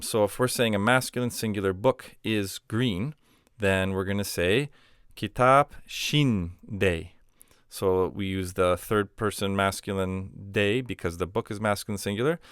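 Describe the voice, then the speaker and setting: Lower-voiced man teaching grammar. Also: smooth, dry recording, studio quality. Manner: patient, repeats example phrases slowly. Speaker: language teacher. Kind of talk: grammar lesson.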